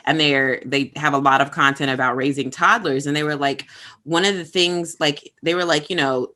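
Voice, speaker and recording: A woman's voice: deep voice, fairly even intonation, normal speed, sharp tone. A woman co-hosting a casual podcast, talking emphatically and retelling parenting advice with plenty of fillers. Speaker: podcast co-host. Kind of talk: casual chat.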